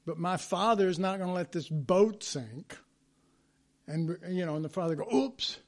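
A man's voice: sits high, normal speed, a little mellow. A man preaching a sermon in a conversational way, acting out biblical quotes as he goes.

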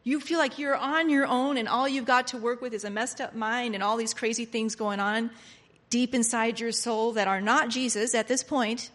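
Animated woman preacher in an echoing hall. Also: on the high side, normal speed. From Pennsylvania. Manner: animated, swinging from hushed to loud exclamations. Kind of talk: sermon. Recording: long hall reverb.

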